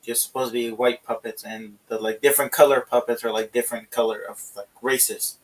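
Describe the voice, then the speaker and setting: A man co-hosting a podcast who chats casually about a movie, halting and full of fillers. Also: medium pitch, steady tone, far from the mic, poor audio. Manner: halting, filler-heavy, interjecting. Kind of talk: casual movie review chat.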